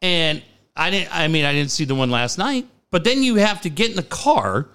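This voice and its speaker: A middle-aged man, co-hosting a sports talk show and telling stories in an excitable, profane way. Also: on the high side, moderate pace, clean tone. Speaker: sports radio co-host. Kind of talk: casual chat.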